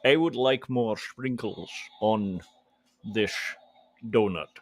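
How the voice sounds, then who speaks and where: A man doing an impression of an older Scottish man with a low voice, slurring his sibilants, ordering donuts. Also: slow pace, no room sound. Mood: deadpan. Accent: Scottish, put on.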